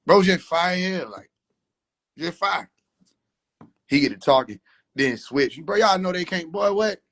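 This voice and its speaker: A man's voice: on the high side, fairly bright tone, husky. A young man giving casual reaction commentary, joking, swearing freely and laughing often. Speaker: commentary creator.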